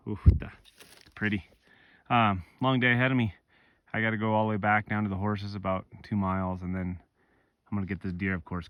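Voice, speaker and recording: A man telling his hunt story outdoors in remote mountain country, excited and emotional, swearing freely in casual vlog talk. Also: fairly low pitch, no room sound, studio quality. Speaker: hunter filming himself.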